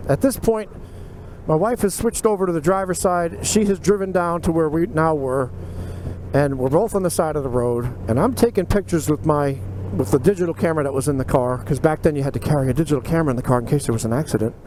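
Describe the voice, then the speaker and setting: A man with a high, light voice tells a story in an animated, conversational way, acting out his own replies. He speaks outdoors, with clear traffic and street noise running behind him. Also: brisk. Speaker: vlogger telling a personal story. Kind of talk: casual storytelling.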